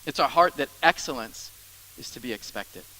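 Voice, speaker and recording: A young adult man preaching a sermon as pastor, emphatic, repeating phrases and dropping into soft asides. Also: medium pitch, lively intonation, normal speed, low-quality recording.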